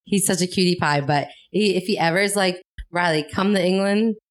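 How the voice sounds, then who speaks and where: Animated woman comedian telling stories. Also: fairly low pitch, brisk. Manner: animated, laughs often while telling stories. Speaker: comedian and actor, podcast guest. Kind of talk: casual chat, storytelling.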